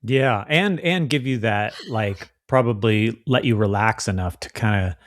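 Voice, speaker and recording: A man's voice: fairly low pitch, unhurried, no echo, clean studio sound. A man co-hosting a podcast in casual chat, chatty and acting out the voices of people he quotes. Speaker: podcast co-host.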